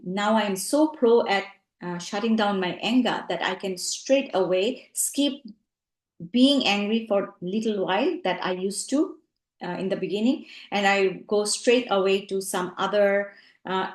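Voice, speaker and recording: Woman coach, reflective, halting with ums, mid-pitched voice, roomy echo. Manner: reflective, frequent ums and uhs, drops softer on asides. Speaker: relationship coach. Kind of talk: teaching talk.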